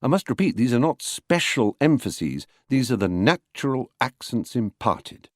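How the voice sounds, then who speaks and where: A man's voice: medium pitch, very animated, measured pace, dry recording, clean studio sound. A man reads a lesson on word stress aloud in a wry, explanatory way and sounds out examples of stress as he goes. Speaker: reader of a book on verse. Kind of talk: scripted audiobook narration.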